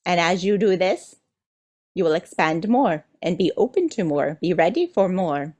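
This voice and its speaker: Her lowish voice carries lively intonation at a normal speed and sounds a little mellow. A channeler passing along a spiritual message as "we," she's playful and eager, teasing listeners and checking in with "do you see?"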